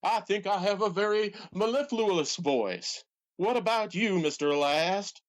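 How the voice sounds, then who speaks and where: Man doing announcer impression, drawling, halting delivery, colorful insults, comedy podcast. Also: high-pitched, lively intonation. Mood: indignant. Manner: hesitant, drawn-out, colorful put-downs. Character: folksy Southern wrestling announcer, blustery, easily riled.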